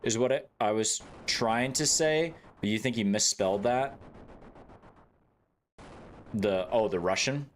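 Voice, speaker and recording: A man's voice: on the low side, unhurried, long pauses, a little hiss or hum. A man streaming a game, chatting casually with his viewers in a joking, laid-back way, swearing freely and laughing often.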